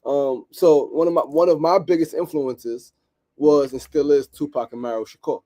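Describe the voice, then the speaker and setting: A man's voice: on the high side, normal speed. Emphatic New man hosting a podcast. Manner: emphatic and repetitive, tags lines with "right?"; slangy, animated street talk. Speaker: podcast host. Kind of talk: motivational podcast monologue.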